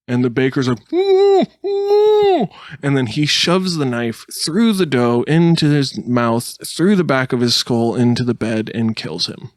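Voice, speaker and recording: A man's voice: medium pitch, dry recording, studio quality. A man co-hosting a podcast, telling a made-up story in casual chat with lots of laughs. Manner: animated storytelling with laughs and silly put-on voices. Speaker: podcast co-host.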